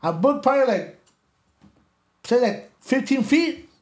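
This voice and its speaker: Animated, profane man. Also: very high voice, a little slow. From Los Angeles area. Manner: animated, profane, switching between English and Spanish. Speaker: podcast guest. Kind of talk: casual storytelling in an interview.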